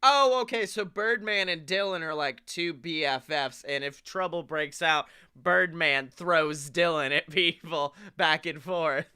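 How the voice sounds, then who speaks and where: A man co-hosting a comedy podcast, riffing excitedly and swearing often. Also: a little high, unhurried, few pauses, clear, resonant tone. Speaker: podcast co-host.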